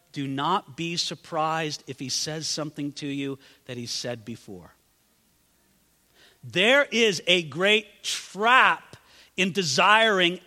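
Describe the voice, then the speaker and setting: A man's voice: a little high, sharp tone, in a large hall. A man preaching a sermon, dramatically acting out quoted prayers in a raised voice. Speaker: pastor.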